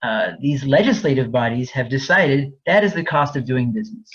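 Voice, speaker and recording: A man's voice: medium pitch, lively intonation, moderate pace, slightly rough, muffled recording. A man presenting a fair housing webinar, explaining in a candid, conversational way with frequent restarts. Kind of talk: webinar lecture.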